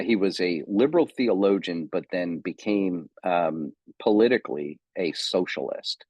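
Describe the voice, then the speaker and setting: A man's voice: sits low, darkish tone, dry recording. A man giving an unscripted seminary lecture on theology, thinking aloud with many ums and self-corrections.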